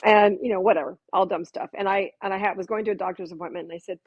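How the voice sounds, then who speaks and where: A woman guest telling personal stories in casual conversation, animated and laughing often as she acts out her own reactions. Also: medium pitch, fast talker, hardly any pauses, husky, dry recording.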